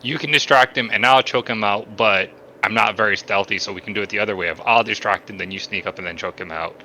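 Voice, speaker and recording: A man's voice: fairly low pitch, quick pace, sharp tone, lo-fi sound, slight background noise. A man playing his character in a tabletop game, playful and rambling with jokes. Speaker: player voicing his character Tiny. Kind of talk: in-character tabletop role-play.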